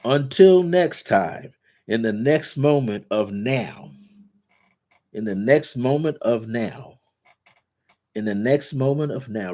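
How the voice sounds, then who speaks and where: A man hosting a guided spiritual talk, speaking in repetitive, incantatory affirmations and slowing down on key words. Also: medium pitch, a little mellow. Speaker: spiritual teacher and show host.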